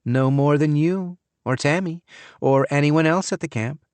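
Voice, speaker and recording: A man's voice: on the high side, unhurried, a little mellow, clean tone, no echo, voice pushed up, close to an everyday voice. A man voicing a cold, scheming young woman in an audiobook, with a breezy, offhand delivery. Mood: breezy, callous. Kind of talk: audiobook character voice.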